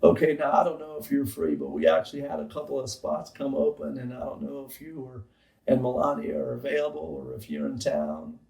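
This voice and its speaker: A man impersonating a former male president on the phone, in a deep, official, stentorian voice that keeps stammering nervously. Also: big pitch swings, fairly quick, vocal fry, mellow, reverberant, distant mic, rough recording.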